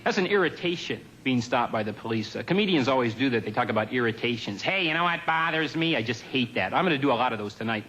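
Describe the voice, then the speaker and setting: A male comedian works through a stand-up set on a TV studio stage. His delivery is dry and deadpan, full of offhand asides, and his pitch sits in a middle range for a man. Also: fast, few pauses, background noise.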